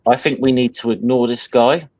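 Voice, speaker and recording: A man's voice: medium pitch, steady tone, normal speed, darkish tone, dry recording, rough recording. A British man in casual chat, reading comments aloud in an easygoing way. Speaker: guest.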